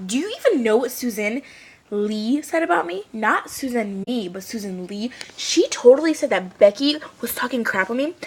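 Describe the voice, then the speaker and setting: A woman's voice: a little high, animated, normal speed, husky, low-quality recording. A woman in a comic character monologue, rambling in a chatty, gossipy valley-girl way. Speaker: comedy sketch creator.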